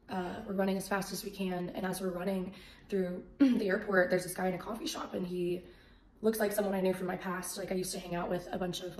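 Woman telling a faith story in an echoey room. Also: mid-range voice. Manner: animated storyteller who acts out the voices in her stories. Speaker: faith vlogger. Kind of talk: casual faith testimony.

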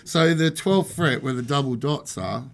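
Guitar playing sounds behind a man co-hosting a relaxed conversation about guitars. His medium-pitched voice is creaky and a bit barky, animated yet moderately paced. He laughs, rambles, and gets self-deprecating while explaining things.

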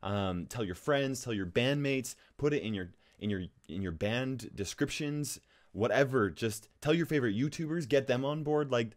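A man's voice: mid-range voice, expressive, normal speed. A man vlogging for his gaming channel, talking straight to camera in an anxious, rambling way, with nervous laughs and frequent restarts. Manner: restless, with frequent restarts and fillers. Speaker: gaming YouTuber. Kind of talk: casual talking-head vlog.

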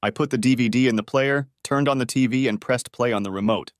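A man's voice: medium pitch, a little fast, no echo, clean studio sound. A man narrating a dramatic first-person story for an audiobook.

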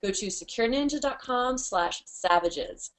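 A woman's voice: fairly high pitch, lively intonation, a little slow. A woman hosting an interview, asking questions and giving an upbeat promotional wrap-up. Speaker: interview host.

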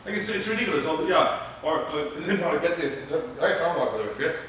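A man teaching grappling moves on the mats, explaining and telling animated stories with loud excited bursts. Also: on the high side, fast talker, slight background noise. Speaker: grappling instructor. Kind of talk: mat instruction with demonstration. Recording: echoey gym recorded from a distance.

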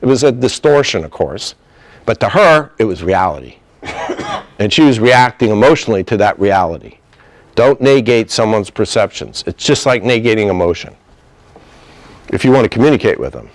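A middle-aged therapist gives an informal, conversational talk about communication, acting out snippets of dialogue and laughing along. His voice is on the low side with lively intonation, at normal speed in a dry recording.

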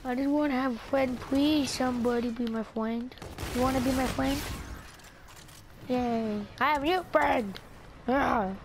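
A woman's voice: sits high, unhurried. Squealy playful young woman gaming. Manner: playful, squealing, silly sing-song asides. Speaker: gamer. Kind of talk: casual gameplay commentary. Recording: noisy game audio behind.

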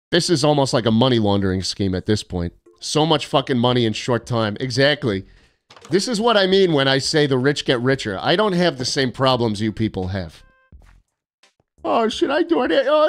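A man's voice: mid-range voice, animated, normal speed. Young guy streaming, sarcastic and smug, voice bouncing all over, faint game music behind. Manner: sarcastic, mock-arrogant joking. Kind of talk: casual livestream chat reading viewer postcards.

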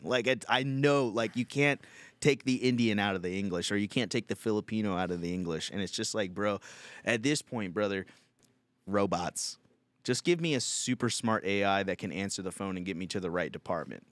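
A man's voice: fairly low pitch, normal speed, a bit bright, no room sound. A man hosting a comedy podcast, talking in a crude, rambling, laid-back way. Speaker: podcast host. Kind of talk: casual podcast chat.

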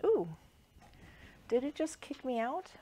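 A woman's voice: sits high, lively intonation, slow pace, mellow. A woman quilter chatting casually through a sewing demonstration, rambling with lots of fillers.

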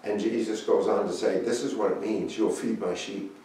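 A man teaching an adult Sunday school Bible lesson in a church room, telling the story in an unhurried, reflective way with pauses. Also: fairly low pitch, steady tone, mellow. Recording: very echoey room, mic far off.

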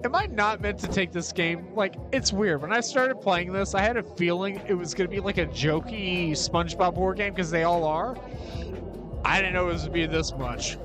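A gaming streamer talks through a horror game, swearing freely and reacting with loud disbelief. Clear game music plays behind the commentary. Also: mid-range voice, moderate pace. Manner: swearing, incredulous, laughing reactions. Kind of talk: let's-play commentary.

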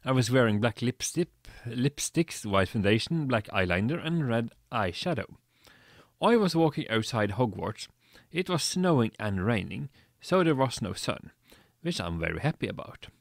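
A man doing a comedic reading of fan fiction, deadpan and dry with sarcastic asides. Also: medium pitch, normal speed, creaky, no echo. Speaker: reader.

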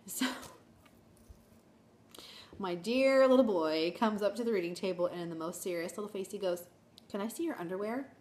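A woman's voice: medium pitch, normal speed, long pauses, darkish tone. A woman teacher in casual vlog chat, telling stories with giggles, filmed on a handheld camera in a classroom. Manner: chatty, giggly storytelling. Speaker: first grade teacher.

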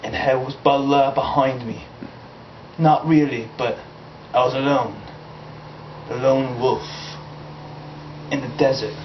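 A man's voice: mid-range voice, steady tone, takes it slowly, a little hiss or hum. A man in an amateur comedy sketch, rambling and improvising in a vague put-on foreign accent. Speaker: comic character host. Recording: roomy, dull lo-fi home video.

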